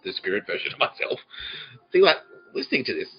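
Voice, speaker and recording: An Australian podcast host spins a rambling, funny story packed with swearing and laughter, jumping into quoted voices along the way. He talks fast at a medium pitch with big swings in intonation, and the high frequencies are clipped.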